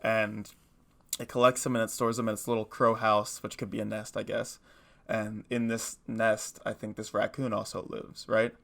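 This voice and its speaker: A man's voice: fairly low pitch, level tone, moderate pace, gravelly, a bit bright. A man co-hosting a podcast in casual chat, rambling, laughing often and acting out short animal voices. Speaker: podcast co-host.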